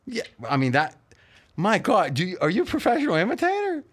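A man's voice: high-pitched, wildly swooping pitch, fairly bright tone. A man hosting a sports betting talk show, cracking jokes and wandering into rambling asides. His talk is loose and conversational, and he cuts in on his co-hosts. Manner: joking, interrupting, quick rambling banter.

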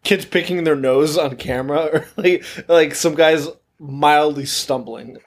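A man's voice: fairly high pitch, a little slow. A man in his thirties co-hosting a podcast, joking around with profanity. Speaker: podcast co-host. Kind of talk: casual chat.

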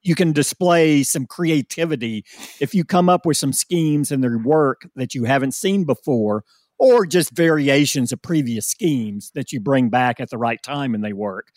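Halting, explanatory man on a dry mic. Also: medium pitch, darkish tone, dry recording. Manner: explanatory, halting with frequent fillers and repeated words. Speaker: sports journalist panelist. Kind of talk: casual podcast discussion.

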